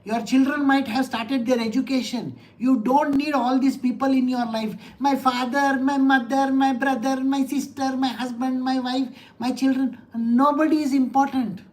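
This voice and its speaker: A woman's voice: high voice, fairly even intonation, normal speed, hardly any pauses, a little mellow. A woman giving a scripture discourse in a blunt, emphatic, conversational way. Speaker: spiritual teacher.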